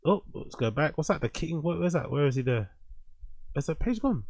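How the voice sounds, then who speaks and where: A man casually commentating on clips he is watching, profane and animated, talking back at them. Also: a little high, moderate pace, dry recording. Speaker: streamer reacting to clips.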